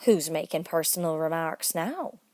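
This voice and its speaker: A woman's voice: low voice, lively intonation, moderate pace, warm tone, no room sound. A woman doing a smug, rude tea-party man. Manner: smug, triumphant.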